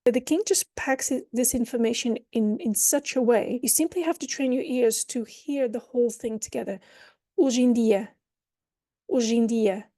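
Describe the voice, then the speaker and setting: A woman teaching a language lesson, unpacking the rules with playful metaphors. Her voice sits fairly high but has a mellow, soft-edged tone. The recording is dry and close, with no room sound. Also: no room sound. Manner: explains with playful metaphors, models phrases slowly then at natural speed. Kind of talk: online lesson.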